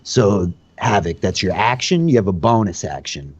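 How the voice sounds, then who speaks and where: Casting note: young male dungeon master, husky and fairly low voice, laid-back rule explanations, dull lo-fi call audio. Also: normal speed. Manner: relaxed, filler-heavy explaining of rules. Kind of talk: narrating a tabletop game.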